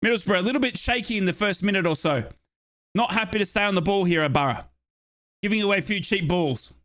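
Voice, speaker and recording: A young man with an Australian accent calls a football match live for his fans. His voice sits a little high and sounds bright and forceful. He talks in a chatty, excitable way, with playful asides. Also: fast talker. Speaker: fan commentator on a match watchalong. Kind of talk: live play-by-play football commentary.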